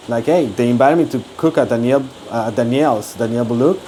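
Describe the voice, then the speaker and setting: A man's voice: mid-range voice, moderate pace, warm tone, a little hiss or hum. A middle-aged chef from Mexico with a Mexican Spanish accent, talking casually and circling back to repeat his points. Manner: rambling, repeats himself, emphatic. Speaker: chef and podcast co-host. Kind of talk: casual conversation.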